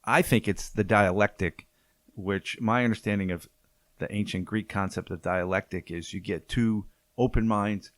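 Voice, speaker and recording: A man with a Boston accent, speaking low and unhurried in a casual podcast chat. He reflects out loud and sums up ideas, laughing easily. The sound is close and dry. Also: fairly even intonation, no echo. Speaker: podcast host.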